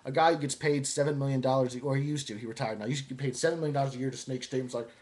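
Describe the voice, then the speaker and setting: A young man talking casually, introducing his impressions with relaxed, chatty asides. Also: mid-range voice, racing. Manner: relaxed, chatty, hesitant with fillers. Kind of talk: casual video monologue.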